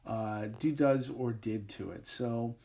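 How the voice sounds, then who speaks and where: Mellow-voiced male teacher with many fillers. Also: medium pitch, slow, gravelly. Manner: relaxed, with many fillers and frequent "okay"s. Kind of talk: recorded grammar lesson over a whiteboard. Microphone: tablet microphone, voice-over.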